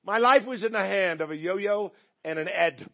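A man's voice: high voice, normal speed, highs cut off. A man preaching a sermon as pastor, telling a story in a chatty, joking way with acted-out voices. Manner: chatty, jokey, acts out quoted voices.

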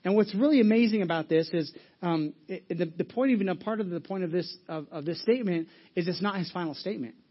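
A pastor delivers his sermon in a loose storytelling way, often stopping and restarting his sentences. His voice sits a bit high for a man. The church recording is dull and lo-fi. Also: fast talker, hardly any pauses. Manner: storytelling, casual, many restarts and asides.

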